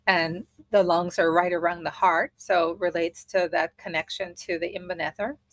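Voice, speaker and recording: Lady teaching a study group, kinda low voice, thinking out loud step by step, dry sound. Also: fairly even intonation, moderate pace, no room sound. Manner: thinks aloud, explaining step by step. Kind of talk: casual teaching talk.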